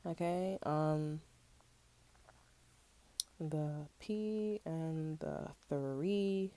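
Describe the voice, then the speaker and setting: A woman with a low, mellow voice gives a laid-back tarot reading, drawing out her words. She rambles in loose slang and swears freely while speaking directly to her viewers.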